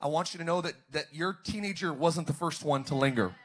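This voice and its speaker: A man preaching a sermon as pastor, calling out to the congregation and rising to shouts. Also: a little high, a little fast, husky. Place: church service, streamed online.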